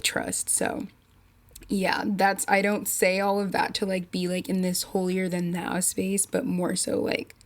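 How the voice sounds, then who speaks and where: A woman hosting her own podcast, thinking out loud in a rambling, unpolished way full of fillers. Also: medium pitch. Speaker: podcast host. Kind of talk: casual solo podcast chat.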